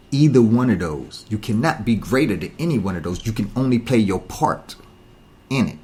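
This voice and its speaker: Preachy man with lively pitch. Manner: preachy, rhetorical questions, emphatic repetition. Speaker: talk show host. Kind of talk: impassioned monologue.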